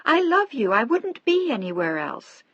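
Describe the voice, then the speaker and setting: A woman voicing a gentle, anxious young wife who speaks earnestly and pleadingly. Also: sits high, big pitch swings, moderate pace, no room sound, lo-fi sound, voice pushed up, full character voice.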